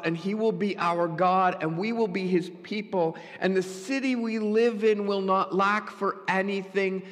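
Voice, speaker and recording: A middle-aged pastor preaching a sermon, telling stories and swinging between loud emphatic lines and quick low asides. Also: male voice. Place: church. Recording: church hall with long reverb.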